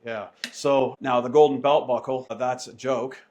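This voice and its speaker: A middle-aged man, a trucker and podcaster, chatting as a guest, animated and often repeating words as he searches for them. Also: medium pitch, measured pace. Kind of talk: casual storytelling chat.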